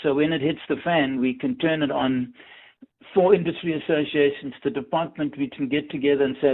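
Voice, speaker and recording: A man's voice: a little high, steady tone, fairly quick. A man, an industry association head, speaking earnestly in a radio phone interview, often repeating words as he thinks. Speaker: industry association chief executive. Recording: tinny phone line.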